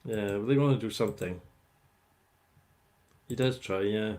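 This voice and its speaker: A man's voice: lowish voice, a little slow, dark tone. A man hosting a casual livestream, rambling as he chats with viewers by name. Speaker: livestream host chatting with viewers. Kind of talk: casual live chat.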